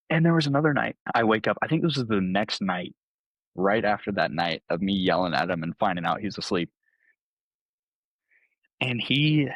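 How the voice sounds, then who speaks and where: A man's voice: on the low side, fairly bright tone, no echo. A young man, a podcast guest, telling a story casually, full of "like" and acted-out quotes. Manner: laid-back, lots of "like", acts out quotes. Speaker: podcast guest, college baseball player.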